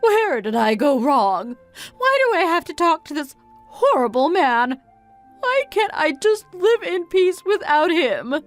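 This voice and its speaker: An exasperated mother who berates her grown son with one reproachful question after another, voiced by a woman. The voice sits fairly high and swings widely in pitch. It is read as a texting-story voice-over with faint music underneath. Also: big pitch swings, normal speed.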